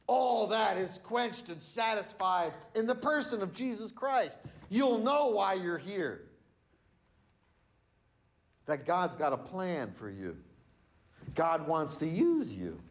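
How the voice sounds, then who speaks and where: A male pastor delivering a sermon in a high voice. He talks slowly and deliberately. He stresses single words to drive each point home. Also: sing-song. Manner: emphatic, teaching with pauses and stresses.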